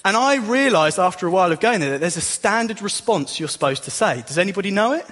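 Young male youth leader preaching casually, high voice, reverberant hall. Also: expressive, fast, a bit bright. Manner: chatty and self-deprecating. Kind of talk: sermon. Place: church hall.

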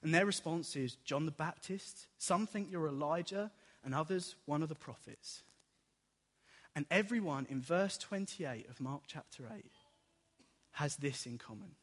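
A man preaching a sermon, telling the story in a lively way and acting out the dialogue. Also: on the high side, measured pace. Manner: animated storytelling, acts out dialogue. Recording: long hall reverb.

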